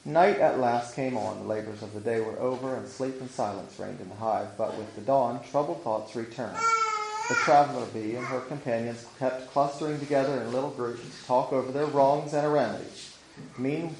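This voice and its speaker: A man reading an old-fashioned storybook aloud in a measured, steady way. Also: medium pitch, gravelly. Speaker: narrator. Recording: echoey room with faint noise.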